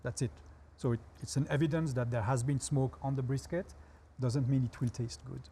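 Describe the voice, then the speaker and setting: A man with a French accent speaks as a guest chef on a television talk show. His voice sits at an ordinary middle pitch, and he explains step by step with relaxed, dry humor. A faint hiss of noise runs underneath. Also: brisk. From France.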